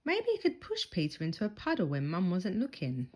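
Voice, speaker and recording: A woman reading a children's picture book aloud, with expressive storytelling. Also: on the low side, brisk, a little hiss or hum.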